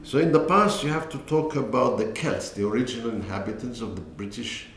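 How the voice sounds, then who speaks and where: A man presenting a book as a language teacher, talking deliberately and pausing often on "uh" between points. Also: medium pitch, fairly bright tone, a little hiss or hum. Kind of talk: slow lecture-style walkthrough. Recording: echoey room with faint ambience.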